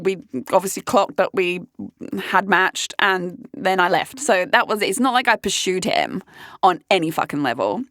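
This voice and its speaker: A woman's voice: a little high, no echo, studio quality. Blunt, sweary woman in her thirties. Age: 30s. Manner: blunt, frequent swearing, animated storytelling. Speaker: vlogger. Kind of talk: casual storytelling monologue.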